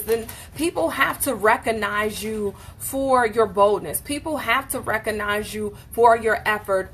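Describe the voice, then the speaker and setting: Bright, emphatic motivational woman. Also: a little high, unhurried, hardly any pauses, a little hiss or hum. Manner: emphatic, animated, preacherly. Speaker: host leading a book discussion. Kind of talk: casual motivational talk.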